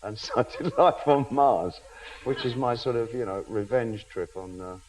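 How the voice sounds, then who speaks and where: A man's voice: medium pitch, normal speed, darkish tone, poor audio. A man in his fifties, a chat show guest in a television studio, telling self-mocking anecdotes and laughing through them. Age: 50s.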